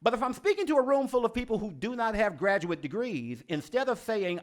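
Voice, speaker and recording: A man coaches the viewer through a lesson on communication and leadership. His voice sits fairly high for a man and swings widely in pitch, and he slows down hard on key words to drive a point home. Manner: expressive teacherly delivery, slows for emphasis. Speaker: leadership coach and video series host. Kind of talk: scripted instructional talk to camera.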